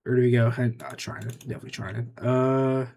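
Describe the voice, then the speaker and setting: A man's voice: mid-range voice, little pitch movement, normal speed, creaky, a little mellow, a little hiss or hum. A young man giving casual gameplay commentary, muttering offhand, dry remarks to himself as he makes picks. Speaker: gaming YouTuber.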